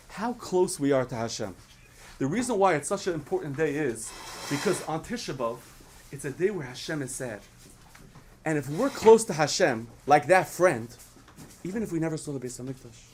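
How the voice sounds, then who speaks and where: A man telling a story to a children's audience, quizzing them and acting out its people. His voice sits a little high, with faint noise underneath. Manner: asks the audience questions, animated storytelling. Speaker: speaker at a children's program.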